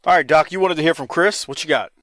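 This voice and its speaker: A man's voice: on the high side, fast, fairly bright tone, dry recording, clean studio sound. A man hosting a casual podcast chat, loose, laughing and profane. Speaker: podcast host.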